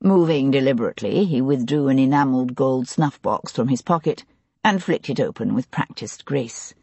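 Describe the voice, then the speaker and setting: A woman reads an audiobook in a low, husky voice. Her pitch moves a great deal as she narrates in a measured, expressive way, and the sound is close and dry. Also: no echo. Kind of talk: scripted narration of a historical mystery.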